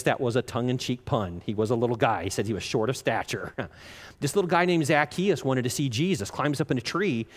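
A man preaching a sermon as a pastor, animated and jokey, laughing often and acting out the lines he quotes. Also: medium pitch. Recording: long reverb of a large hall.

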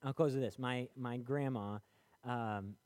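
A man's voice: medium pitch, steady tone, measured pace, darkish tone, no room sound. Conversational preacher man, dry close sound. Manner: conversational, many fillers, acts out quoted voices. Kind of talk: sermon.

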